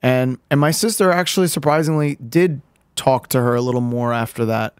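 A man on a podcast recounting a painful family story in a halting, candid way, restarting sentences and swearing casually. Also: mid-range voice, clear, resonant tone, no room sound, clean studio sound. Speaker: podcast co-host.

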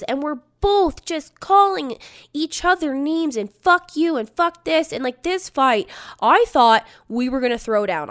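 Profane, animated woman in her thirties. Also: high-pitched. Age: 30s. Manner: profane, animated, laughing retelling with acted-out quotes. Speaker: storyteller. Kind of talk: casual storytelling monologue.

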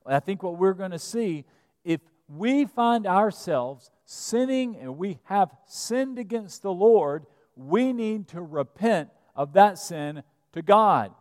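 Male pastor, storytelling sermon, a bit high-pitched, church reverb. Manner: storytelling, animated retelling of scripture. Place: church sanctuary. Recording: church sanctuary with long reverb.

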